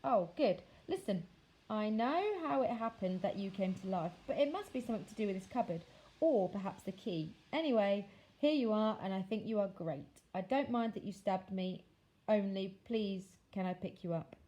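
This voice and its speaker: A woman's voice: medium pitch, lively intonation, mellow, close to an everyday voice, poor audio. Woman reading as an eager young boy. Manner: quick, earnest pleading. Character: eager, polite young boy, fascinated and earnest.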